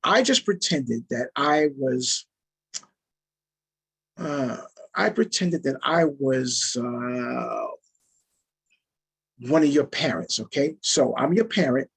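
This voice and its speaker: A man's voice: medium pitch, lively intonation, takes it slowly, creaky, long pauses, a bit bright, breathy edge. A man facilitating an interactive training over a video call, speaking conversationally and repeating phrases for emphasis. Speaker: workshop facilitator.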